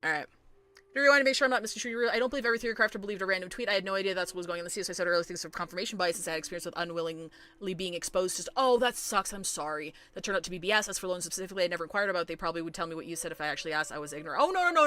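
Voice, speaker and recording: A woman's voice: fairly low pitch, very fast, sharp tone. A woman streaming a game and chatting with viewers, agitated and rambling with many restarts and apologies. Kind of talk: casual live-stream chat with viewers.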